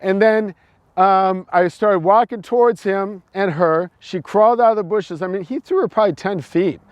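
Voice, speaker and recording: High-voiced preachy American man. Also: normal speed, no echo, muffled recording. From United States. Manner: repetitive, preachy, stumbling restarts. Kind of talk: opinion monologue.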